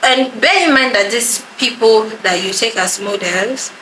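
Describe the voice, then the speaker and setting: A woman tells a story in a lively, animated way and acts out the people in it. Her voice sits a little high. The recording is roomy and echoey, with steady noise behind her. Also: measured pace. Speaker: podcast co-host telling a story. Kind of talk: casual story time chat. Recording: echoey room with background noise.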